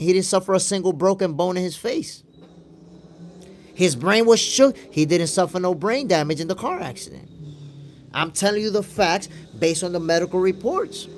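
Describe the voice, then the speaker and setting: A man hosting a boxing stream, arguing his point emphatically, repeating lines for stress and answering chat. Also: high-pitched. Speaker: boxing show host. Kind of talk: live stream commentary reading chat.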